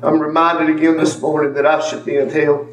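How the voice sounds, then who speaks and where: A man's voice: fairly high pitch, little pitch movement, fairly quick, crowd noise. Man giving church testimony. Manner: earnest, repeats phrases, calls on congregation members by name. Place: church sanctuary. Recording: echoey church from far off with faint ambience.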